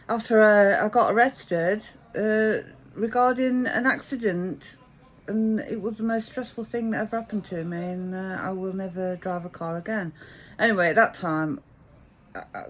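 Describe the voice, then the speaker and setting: A woman, telling a rambling, frank anecdote in a chatty way. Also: medium pitch. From English Midlands. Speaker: vlogger. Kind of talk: casual storytelling monologue.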